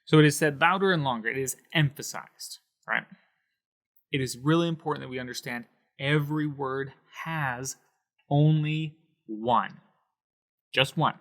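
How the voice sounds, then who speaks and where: A man's voice: mid-range voice, measured pace, a bit bright. A man teaching a Spanish lesson on video, explaining with emphasis and sounding out words syllable by syllable.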